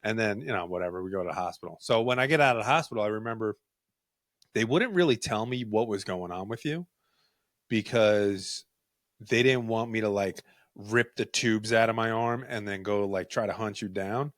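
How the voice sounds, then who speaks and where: A young man hosting a podcast, telling a story in a casual, animated, profane, jokey way. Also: fairly low pitch, moderate pace, no room sound, clean studio sound. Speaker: podcast host.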